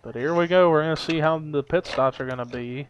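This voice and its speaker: A young man giving amateur play-by-play commentary on a simulated race, steady and given to hedging. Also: a little high, brisk, a little hiss or hum, low-quality recording. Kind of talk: amateur sim-racing commentary.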